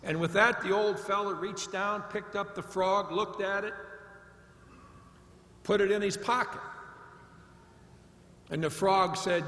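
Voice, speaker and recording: A blunt, emphatic storyteller from Ohio in the United States gives a commencement address full of folksy anecdotes in a large hall at a graduation ceremony. His high, slightly bright voice has fairly even intonation, a slightly slow pace and long pauses. The recording echoes with the long reverb of the big hall.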